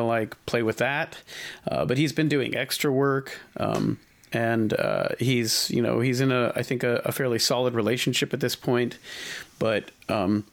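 Rambling man hosting a chat podcast. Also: medium pitch. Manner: rambling, many restarts and fillers. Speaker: podcast host. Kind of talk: casual chat.

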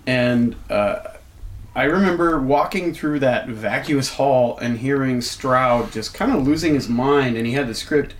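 A man's voice: mid-range voice, a little slow. A man telling a story in casual chat, swearing freely and acting out the people he quotes. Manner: profane, animated, acts out quoted shouting. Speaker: wrestling show booker.

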